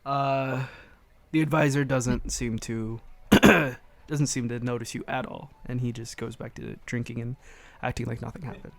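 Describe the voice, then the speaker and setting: A man narrating a tabletop game as game master, halting and correcting himself as he goes. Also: mid-range voice, flat delivery, gravelly.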